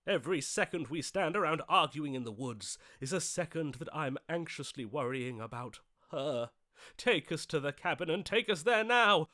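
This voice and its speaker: Smitten, dramatic lover for a game: pining, impatient, pitched a bit high. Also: male voice, sharp tone. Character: lovestruck dramatic male voice of devotion. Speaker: game character voice. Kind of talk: video game voice acting.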